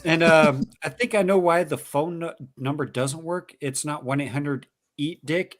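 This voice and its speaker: A man hosting a loose online call-in stream, teasing his guests with a dry, crude sense of humor. He sounds a few beers in, and his voice sits a little higher than most men's. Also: a little slow, few pauses. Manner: joking, deadpan teasing. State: tipsy. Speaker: stream host. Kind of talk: casual crude banter.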